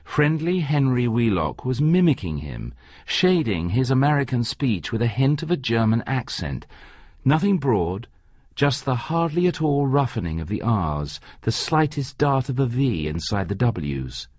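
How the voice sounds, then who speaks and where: A man narrating an audiobook in a slow, deliberate reading. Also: medium pitch, sing-song, a little mellow, no room sound. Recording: dry, slightly muffled recording.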